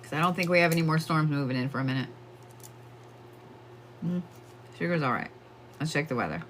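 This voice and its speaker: A woman's voice: deep voice, fairly quick, slight background noise. A woman giving casual psychic readings on a livestream, chatting with viewers and laughing often.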